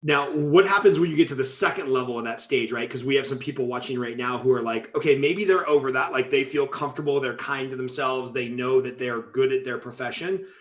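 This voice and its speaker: A man's voice: mid-range voice, fairly quick, few pauses. A man hosting an interview, asking questions in a casual, conversational way. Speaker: host.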